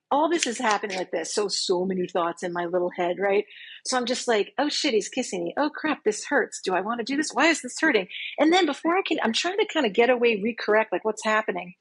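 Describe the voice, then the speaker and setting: Husky woman in her fifties telling a story. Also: fairly high pitch, poor audio. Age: 50s. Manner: animated, acts out her own past lines. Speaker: podcast guest. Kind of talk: casual storytelling.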